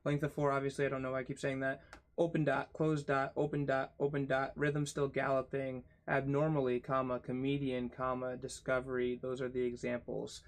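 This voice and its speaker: A man's voice: medium pitch, monotone, fairly quick. A man reading a textbook aloud for his channel, spelling out hard words letter by letter and making self-mocking asides. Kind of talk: casual read-aloud lesson.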